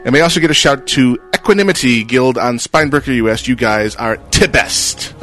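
A man's voice: mid-range voice, a little fast, a bit bright, faint music behind. A man co-hosting a casual gaming podcast, reading listener emails and tossing in playful jokey asides. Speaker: podcast co-host.

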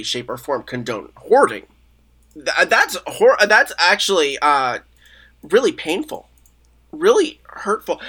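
A man's voice: high voice, sharp tone. A man as a comedic podcast guest in an improvised interview, rambling, stammering and justifying himself.

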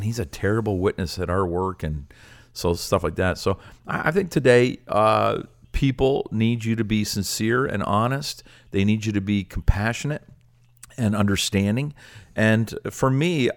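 A man who is a pastor, speaking earnestly and casually in a ministry discussion, with many fillers. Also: lowish voice.

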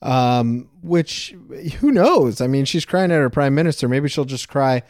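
A man's voice: mid-range voice, animated, a little slow, a little mellow, no room sound, clean studio sound. A man co-hosting a casual podcast, earnest and getting worked up, with a slightly preachy way of talking. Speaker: podcast co-host.

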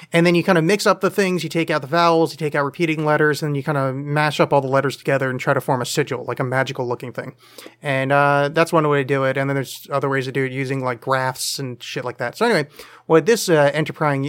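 Male podcast host, a bit high-voiced, loose and jokey, lots of ums while answering listener questions. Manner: rambling, self-deprecating, jokey, many fillers. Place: home studio, leaning over to check screen.

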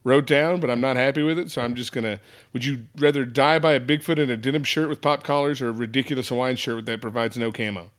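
A man's voice: medium pitch, steady tone, fast talker, no echo. A man co-hosting a casual movie podcast, telling corny jokes in a dry, joking manner. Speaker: podcast co-host. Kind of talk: casual movie review chat.

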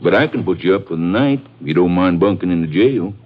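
A man's voice: low-pitched, expressive, fast. An older man playing a folksy small-town constable in 1950s radio drama acting. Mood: genial. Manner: easygoing folksy drawl. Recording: muffled old radio broadcast.

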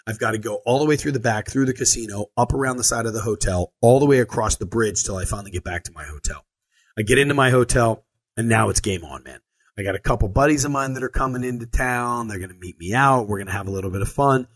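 A man telling a long personal story in a casual monologue, animated and acting out the quoted lines, with frequent fillers and restarts. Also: mid-range voice, quick pace, breathy edge. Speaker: storyteller recounting a trip.

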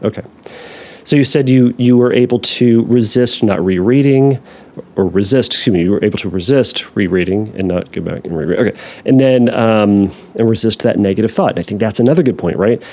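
A man hosting a podcast, answering a listener's question in a casual, animated way, acting out anxious thoughts and making jokey asides. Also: lowish voice, a little fast. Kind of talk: casual advice talk.

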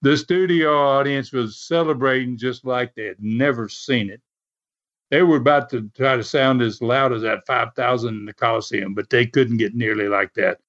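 A man casually telling a wrestling story, animated and chuckling, dropping "man" into his sentences. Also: medium pitch, normal speed. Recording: dull lo-fi recording.

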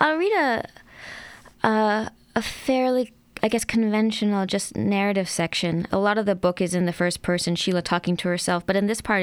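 A woman's voice: on the low side, clear, resonant tone, no room sound. A woman author talking casually in an interview, with frequent fillers and restarts, then reading aloud from her book. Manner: chatty, with many fillers and restarts.

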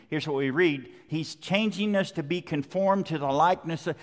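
A man preaching a sermon as pastor, repeating key phrases with emphasis, swelling loud and then dropping soft. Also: on the high side, brisk, few pauses. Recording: long hall reverb.

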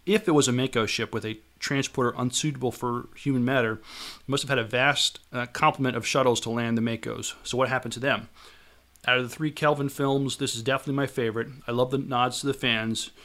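Male podcast co-host, bright tone, reads listener email aloud. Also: mid-range voice, fairly even intonation, a little fast. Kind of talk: reading listener mail aloud.

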